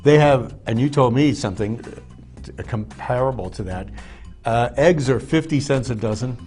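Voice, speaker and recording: A man hosting a casual talk show, rambling and joking with many halting restarts. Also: mid-range voice, a little mellow, faint music behind. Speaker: show host. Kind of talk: casual chat.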